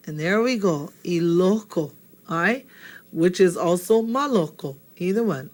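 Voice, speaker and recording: A woman's voice: on the high side, animated, measured pace, fairly bright tone. A woman teaching a language lesson, patiently repeating phrases and checking in with "okay?".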